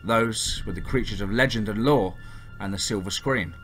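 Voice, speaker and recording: Low-voiced male horror narrator, tense dramatic reading, soft music under. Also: moderate pace. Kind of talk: first-person scary story narration.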